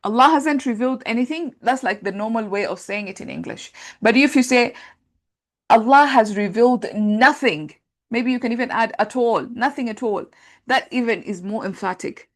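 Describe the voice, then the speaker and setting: A woman teaching an Arabic grammar class, talking through translations in a relaxed conversational way with many fillers. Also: fairly high pitch, brisk. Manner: explains patiently, thinks aloud with many fillers; reads translations aloud and compares them.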